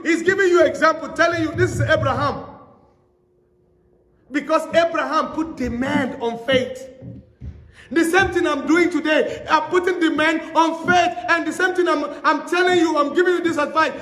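A man preaching a sermon, telling stories with acted-out dialogue and rising to shouted exhortation. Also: extremely high pitch, steady tone, moderate pace. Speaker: pastor. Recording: echoey hall reverb.

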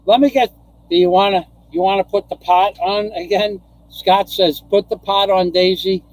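A man with a notably high voice hosts a casual live stream from home. He chats loosely with viewers, laughs often and breaks into profane rants. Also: steady tone, normal speed, poor audio. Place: home in the Philippines.

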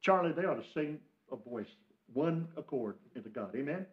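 An older man with an American Midwestern accent, preaching a fervent sermon as pastor, swinging from loud exhortation to hushed asides. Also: on the high side, animated, normal speed, muffled recording. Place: church sanctuary.

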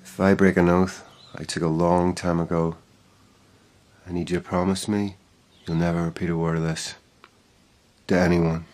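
A guy doing an old retired cop, super deep voice, slow grave confession tone. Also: level tone, a little mellow, natural voice. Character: retired old lawman keeping a grim secret. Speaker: retired police officer.

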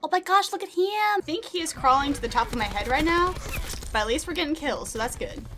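A woman's voice: sits high, lively intonation, quick pace, fairly bright tone, a little hiss or hum. A young woman chatting and giggling through a video game, talking sweetly to her pet snake. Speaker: gaming YouTuber. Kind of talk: casual gameplay commentary.

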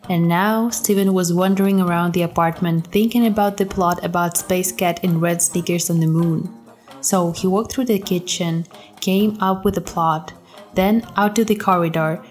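A woman narrating short stories as a storyteller, reading all the characters herself in lightly changed voices. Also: on the low side. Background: soft background music.

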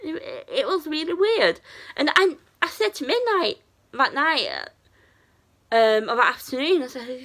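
A woman's voice: high voice, very animated, a little slow, a bit bright. A young woman, telling a story in a casual, chatty way with plenty of fillers and restarts. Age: young adult. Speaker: vlogger.

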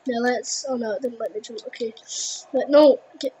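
A teenage girl, commenting on her gameplay in an excitable, rambling way with lots of fillers. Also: a little high, moderate pace, husky, muffled recording. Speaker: gaming video host.

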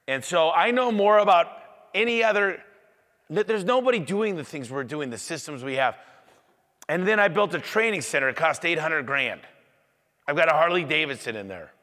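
Energetic male speaker, bright tone, echoey hall, business talk. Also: on the high side. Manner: energetic, acts out customer dialogue. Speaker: business owner giving a talk.

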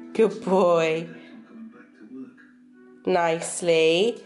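A woman's voice: medium pitch, expressive, a little slow, long pauses, faint music behind. A young English woman vlogging at home, encouraging her baby with sing-song baby talk and chatting to the camera. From Cheshire, England. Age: young adult. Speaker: vlogger and mother. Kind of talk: casual home vlog. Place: home living room.

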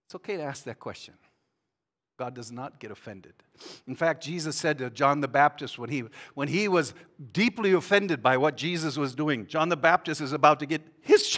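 A man, a guest pastor, preaching a sermon that swings between loud bursts and hushed, tender passages. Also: on the high side, lively intonation, a little slow.

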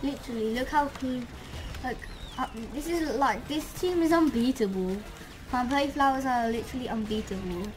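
A woman giving casual gameplay commentary, excitable and trash-talking, with lots of "literally" and "like". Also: high voice, normal speed, noisy background. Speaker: gamer. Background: game music.

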